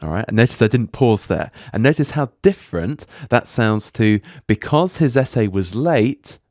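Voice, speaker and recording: A man teaching a recorded writing lesson over slides, explaining patiently and reading example sentences aloud slowly and deliberately. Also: medium pitch, lively intonation, darkish tone, dry recording, clean studio sound.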